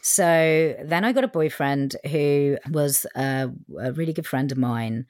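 A woman's voice: low voice, unhurried, a little mellow, no echo, studio quality. A woman from England, telling her own story frankly in an interview, with plenty of fillers and the odd swear word. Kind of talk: candid personal storytelling.

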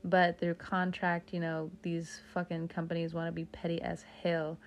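Low-voiced woman doing a joking tarot reading. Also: monotone, normal speed. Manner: joking, profane, talks off on tangents. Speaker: tarot reader.

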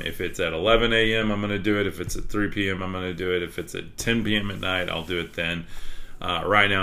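Speaking with a Texan accent, this livestream podcast host chats openly and meanders, leaning heavily on fillers. His low-pitched voice comes across as pushed and bright.

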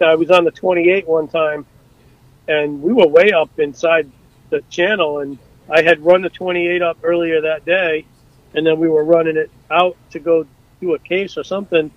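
A man with a high, light voice spins casual, animated stories, stumbling through restarts and fillers as he acts out bits of dialogue. The sound is dry and close, with a dull, slightly lo-fi tone. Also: normal speed, dry recording. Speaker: guest, former rescue boat crewman. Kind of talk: casual storytelling.

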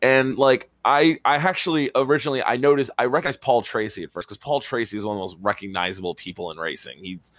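A man telling a rambling, excitable story as a podcast co-host, swearing casually. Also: medium pitch, fast talker, hardly any pauses, no echo. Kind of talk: casual chat.

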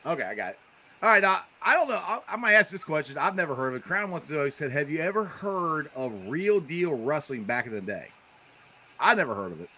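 A man's voice: on the high side, sing-song, a little fast, bright, forceful tone, a little hiss or hum. A man hosting a casual interview, laughing often and stumbling over repeated words. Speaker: podcast host.

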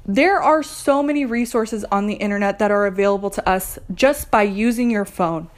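A woman's voice: medium pitch, moderate pace. A young adult woman hosting a podcast, talking candidly and encouragingly about her own therapy, with light laughs. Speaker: podcast host. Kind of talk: personal mental health podcast talk.

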